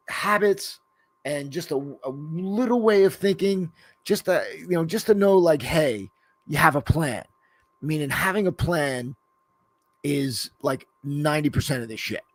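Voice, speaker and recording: A man's voice: fairly high pitch, expressive, a little slow. A man co-hosting a podcast in loose, rambling casual chat, swearing freely and filling gaps with "you know.". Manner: rambling and profane, full of "you know" fillers. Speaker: podcast co-host.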